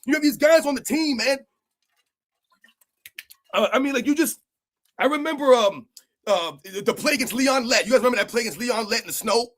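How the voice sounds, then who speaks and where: A middle-aged man hosting a sports channel, rambling excitably in a casual rant to his viewers and saying "man" constantly. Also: very high-pitched, fairly quick, pauses often.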